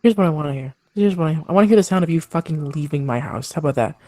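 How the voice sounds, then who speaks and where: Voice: medium pitch, rapid-fire, warm tone, no echo, close to an everyday voice. A game master voicing a furious male revolutionary leader who swears and mocks. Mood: hostile. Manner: swearing, hostile, sarcastic.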